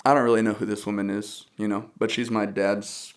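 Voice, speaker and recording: A young musician from the Dallas area, appearing as a podcast guest, earnestly tells personal stories, laughing and dropping in quoted asides. His fairly low voice is brisk and flat in delivery.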